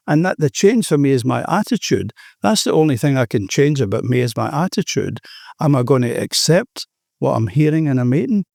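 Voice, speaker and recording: A man's voice: fairly high pitch, very animated, brisk, gravelly, darkish tone, no echo, studio quality. An older Australian man sharing his recovery story at a meeting, earnest and rambling, often saying "you know".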